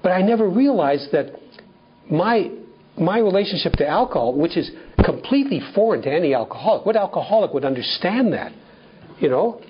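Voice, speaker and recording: A husky, slightly high-voiced man from Canada tells a personal story at a recovery workshop. He speaks in an animated way, restarts often, and acts out dialogue. The recording sounds dull and lo-fi. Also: fairly quick.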